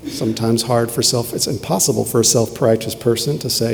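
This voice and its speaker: Gravelly-voiced male preacher in a hall. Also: medium pitch, a little fast, hardly any pauses. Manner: earnest, rising to emphatic questions then dropping quiet. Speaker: pastor. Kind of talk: sermon. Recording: long hall reverb, faint ambient noise.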